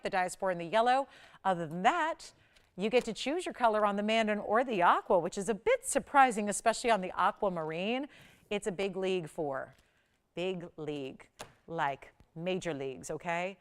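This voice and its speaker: Her tone clear and resonant, this female host of a live shopping broadcast talks up jewelry bargains with lively chatter and abrupt spikes in volume.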